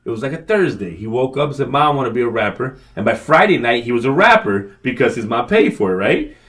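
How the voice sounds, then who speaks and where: A man co-hosting a podcast, telling a profane story with animated energy and a constant stream of swearing. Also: mid-range voice, fast. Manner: animated, swears constantly, acts out shouted quotes. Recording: somewhat distant from the mic.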